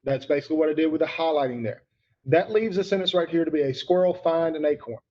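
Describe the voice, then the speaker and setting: A man's voice: a little high, fast talker, warm tone, lo-fi sound. A man teaching grammar to students online, emphatic and repeating key points, calling on students by name.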